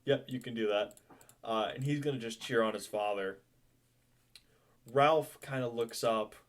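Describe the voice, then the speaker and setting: A man's voice: mid-range voice, unhurried. A young man running a tabletop game as game master, chatty and loose, laughing and swearing casually.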